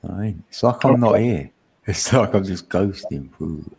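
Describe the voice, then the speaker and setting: Low husky easygoing man. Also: lively intonation, moderate pace, a little mellow. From east London area. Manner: wry, dry jokes, easygoing. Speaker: online creator hosting a chat. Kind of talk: casual group chat.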